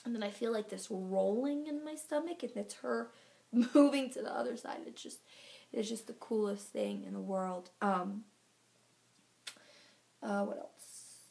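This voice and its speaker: Breathless, gravelly-voiced woman vlogger. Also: mid-range voice, measured pace, dark tone. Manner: chatty, filler-heavy storytelling. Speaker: vlogger giving a pregnancy update. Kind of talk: casual chat to camera.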